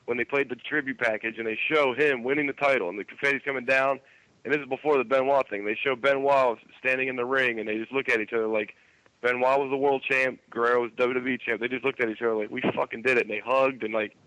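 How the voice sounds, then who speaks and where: A man's voice: mid-range voice, fast talker, no room sound, rough recording. A man co-hosting a live wrestling radio talk show, blunt and profane, telling stories with energy. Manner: blunt, profane, animated storytelling. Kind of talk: casual chat.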